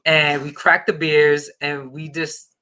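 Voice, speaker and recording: Bright-voiced man telling a story. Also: fairly high pitch, slow pace. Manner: excited storytelling, acting out quoted dialogue. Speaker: podcast guest. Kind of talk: casual anecdote on a podcast.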